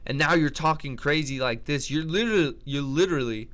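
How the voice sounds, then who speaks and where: A man's voice: fairly high pitch, fairly quick, fairly bright tone. A man giving blunt, slangy, opinionated commentary in a casual chat, often restarting his sentences. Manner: blunt, slangy, trash-talking, with lots of restarts. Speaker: MMA commentator ranking fighters.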